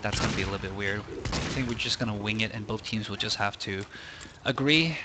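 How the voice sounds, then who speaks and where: A man's voice: lowish voice, fast talker, noisy background. A young man commentating a video game match in a casual, chatty way, thinking aloud and often restarting his sentences.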